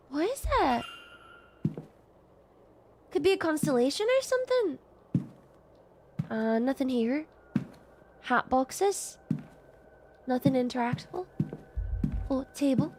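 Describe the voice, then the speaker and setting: A woman's voice: sits high, very animated, slow pace, pauses often, darkish tone, a little hiss or hum. A young woman streamer chatting casually as she plays a game, rambling and answering chat with laughs. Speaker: VTuber streamer.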